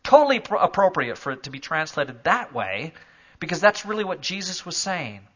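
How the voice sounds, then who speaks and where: A man preaching a sermon to a church congregation, moving from calm explanation to loud, emphatic declarations. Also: a little high, normal speed, husky, lo-fi sound. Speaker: pastor. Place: church sanctuary.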